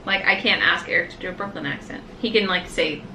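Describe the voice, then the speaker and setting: A woman's voice: on the low side, fast talker, sharp tone, a little hiss or hum, poor audio. A woman from the American South with a faint Southern accent, co-hosting a vlog in easygoing, dry banter. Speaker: vlog co-host. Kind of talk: casual chat.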